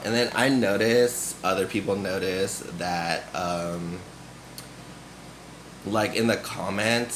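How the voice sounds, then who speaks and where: A man's voice: fairly low pitch, a bit bright. A man from the United States vlogging to camera in a casual, rambling way, with many "like"s and restarts. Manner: loose, filler-heavy talk with many "like"s and restarts. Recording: roomy echo with faint background noise.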